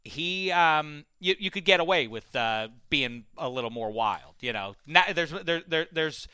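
A man's voice: on the high side, a little slow, clean tone, dry recording, studio quality. A man hosting a sports radio show, chatting casually and jokingly with many restarts. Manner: animated, jokey, many restarts.

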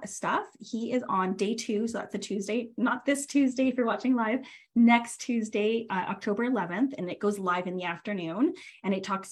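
A woman podcast host and coach giving a casual live training, chatty and animated, with lots of fillers, self-corrections and frequent laughs. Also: medium pitch.

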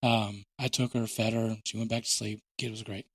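A man hosting a podcast, telling stories in a joking, animated way. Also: fairly low pitch, normal speed, husky, dry recording. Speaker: podcast host. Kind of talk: casual chat.

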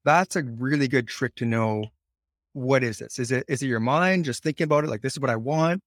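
Male podcast guest, reflective and measured, mid-pitched voice, dry close recording. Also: dry recording. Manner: reflective, explains ideas slowly with pauses. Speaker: podcast guest on money mindset. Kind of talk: casual podcast conversation.

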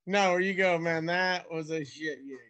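High-voiced podcast host, laughing often. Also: male voice, crowd noise. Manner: laughs often, prompts the guest with quick asides. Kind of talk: casual interview chat.

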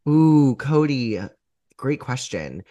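A man guesting on a chat podcast, talking in a campy, theatrical way. His voice sits at an ordinary middle pitch while he gushes eagerly about what he loves. He drops a warm honey into his sentences like a seasoned performer. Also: very animated, takes it slowly, dull audio. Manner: enthusiastic, gushing. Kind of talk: casual chat.

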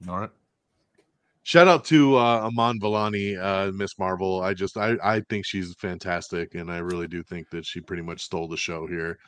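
A man co-hosting a casual movie review show, talking in an animated way, acting out characters' lines and swearing casually. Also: low voice, moderate pace, clear, resonant tone, no room sound. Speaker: podcast co-host.

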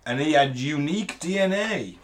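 A man's voice: a little high, animated, normal speed. A British man co-hosting a podcast in casual chat, relaying researched facts with jokes and swearing. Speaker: podcast co-host.

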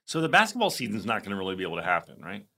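A man co-hosting a podcast, chatting casually and retelling scenes with lively playacting. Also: on the low side, very fast. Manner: storytelling, acts out scenes, restarts when moved. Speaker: podcast co-host. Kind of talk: casual chat.

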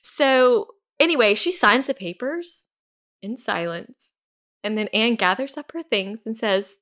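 Bright, animated woman storyteller. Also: on the high side, a little slow. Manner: animated storyteller, acts out quoted voices. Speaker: podcast co-host. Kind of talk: casual storytelling chat.

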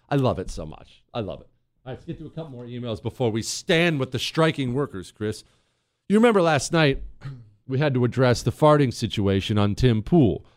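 A man's voice: mid-range voice, dry recording, studio quality. A man hosting a talk radio show, joking and mock-indignant as he reads listener emails aloud.

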